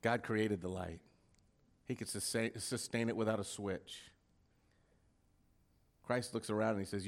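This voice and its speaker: A male pastor preaching a sermon in an emphatic style, posing rhetorical questions and at times dropping his voice to a hush. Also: on the low side, fairly even intonation, measured pace, pauses often.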